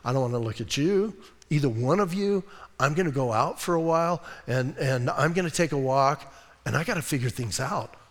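A man voicing a shaken, angry king who must get away, speaking low and haltingly. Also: animated, in a large hall, lightly acted.

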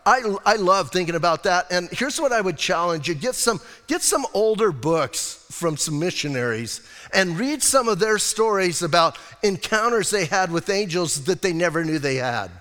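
Man, pastor, casual animated sermon, higher voice, long church reverb. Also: normal speed. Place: church sanctuary.

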